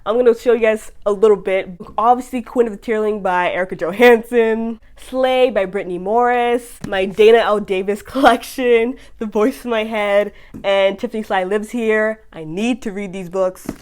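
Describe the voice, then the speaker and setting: A woman's voice: mid-range voice, normal speed, clear, resonant tone. Gushing young woman book vlogger. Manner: gushing and animated, with playful rants. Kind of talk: casual chat answering a book tag.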